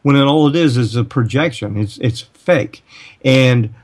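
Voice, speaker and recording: A middle-aged man talks on a radio show in a loose, rambling way. He often repeats words as he goes and acts out what other people said to him. His voice sits at an ordinary middle pitch. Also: unhurried. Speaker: radio host. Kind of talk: casual radio talk.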